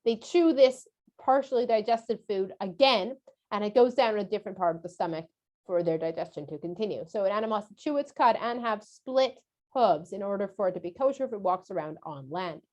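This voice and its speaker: A woman explaining a weekly lesson for kids in a chatty, casual way, stopping often on little filler sounds. Her pitch sits in an ordinary middle range. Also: brisk, darkish tone, muffled recording. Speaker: teacher.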